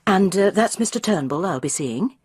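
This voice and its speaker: A woman's voice: mid-range voice, lively intonation, moderate pace, slightly rough, dry recording, studio quality. A woman doing a tentative easygoing lady. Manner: tentative, gentle.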